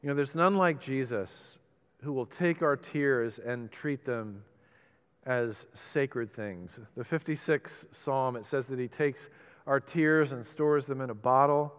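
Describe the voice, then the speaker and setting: A man preaching a sermon as a pastor, swinging between loud, emphatic bursts and soft, slow lines. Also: mid-range voice, clear, resonant tone. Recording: long hall reverb.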